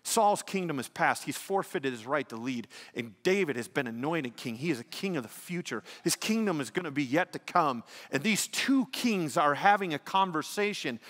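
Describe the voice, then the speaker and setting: A male pastor preaching an animated sermon, swinging between loud exclamations and hushed emphasis. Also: on the high side. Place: church sanctuary. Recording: long reverb of a church hall.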